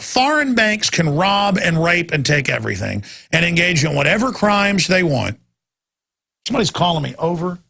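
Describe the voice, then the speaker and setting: A man hosts a talk radio show, ranting intensely through a rambling monologue that builds to loud, excited peaks. His voice sits a little high and comes across gravelly and slightly rough.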